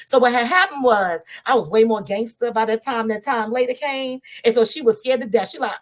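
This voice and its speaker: A woman in her thirties telling a personal faith story to a discussion group, candid and lively, often turning to her listeners. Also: fairly high pitch, a little fast. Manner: animated, conversational, laughs often, addresses listeners directly.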